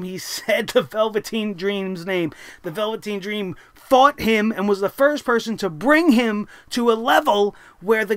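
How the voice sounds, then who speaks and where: High pitched dude ranting about wrestling, sarcastic and swearing, super dry sound. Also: male voice, a bit bright, clear, resonant tone, no room sound. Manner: fired-up, sarcastic, rhetorical questions, swears. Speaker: wrestling show reviewer. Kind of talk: ranting show review.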